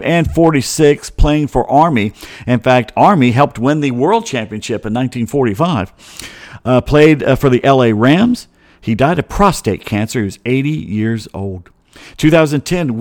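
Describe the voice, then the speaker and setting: A middle-aged man hosting a show, chatting in a loose, opinionated monologue full of digressions and chuckling asides. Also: mid-range voice. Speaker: host. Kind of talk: casual rambling monologue.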